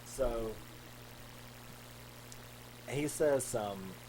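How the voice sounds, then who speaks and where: A man's voice: mid-range voice, extremely slow, darkish tone, a little hiss or hum, rough recording. A man casually retelling a horror film's plot in a rambling way, acting out the characters' lines. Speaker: horror film reviewer. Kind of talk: casual movie recap.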